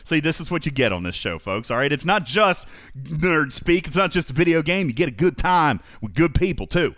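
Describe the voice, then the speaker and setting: A man's voice: fairly high pitch, sing-song, a little fast, a bit bright, dry recording, studio quality. A man hosting a casual livestream, joking, laughing often and announcing segments in a sing-song way. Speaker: livestream host.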